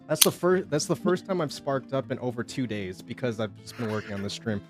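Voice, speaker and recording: A man's voice: mid-range voice, animated, moderate pace. A man hosting a live stream, chatting loosely with friends and his chat, swearing as he goes. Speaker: streamer host. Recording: music and crowd noise behind.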